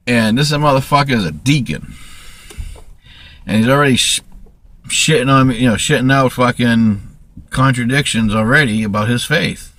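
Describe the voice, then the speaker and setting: A man's voice: medium pitch, moderate pace, a bit bright. A man ranting in a rambling, profane monologue to camera, restarting sentences often. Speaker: vlogger.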